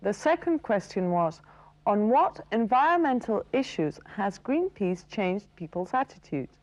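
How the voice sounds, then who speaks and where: A woman's voice: mid-range voice, big pitch swings, measured pace, darkish tone, low-quality recording. A woman presenting a TV English course in a friendly, scripted teaching style.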